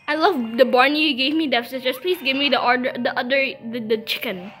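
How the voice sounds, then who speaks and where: A woman's voice: a little high, fairly quick, hardly any pauses, a bit bright, soft background music. A young teenage girl commentating her game pulls at home, squealing, pleading and groaning at each result. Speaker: gaming video creator. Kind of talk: excited gacha-pull commentary.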